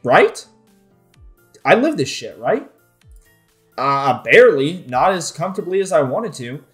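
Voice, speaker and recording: A man commentating his own competitive video game match, excitable, with frequent swearing and frustrated outbursts. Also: on the high side, a little slow, faint music behind. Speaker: gaming YouTuber.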